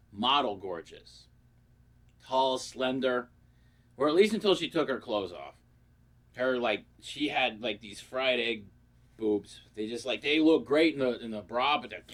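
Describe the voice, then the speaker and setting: A man's voice: mid-range voice, fairly bright tone. A man rambling through crude, profane comic stories in a casual vlog. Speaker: comedy vlogger.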